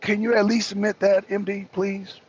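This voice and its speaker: A man hosting a political talk show, excitable and argumentative, pressing his co-host with repeated questions. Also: sits high, moderate pace, slightly rough. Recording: dull lo-fi recording.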